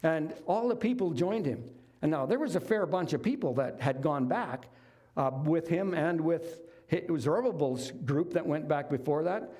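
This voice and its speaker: A man's voice: on the high side, animated, normal speed, mellow. A middle-aged man preaching a sermon, retelling a Bible story in a conversational, folksy way with casual asides. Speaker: lay preacher.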